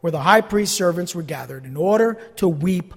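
A man with a New Jersey accent preaching a sermon, retelling a story with rhetorical questions and lively emphasis. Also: high-pitched, a little fast, vocal fry. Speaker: pastor. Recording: long hall reverb.

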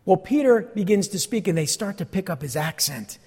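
A man with a New Jersey accent preaching a sermon, retelling a story with rhetorical questions and lively emphasis. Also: high voice, fairly quick, slightly rough. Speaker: pastor. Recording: long hall reverb.

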